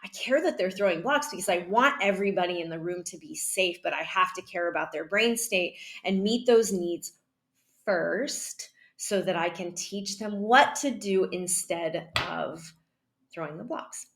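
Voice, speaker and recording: Calm woman teaching, slightly low voice. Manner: calm, repeats "right?", models slow breathing. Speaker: early childhood educator. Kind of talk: teaching a parenting and classroom method.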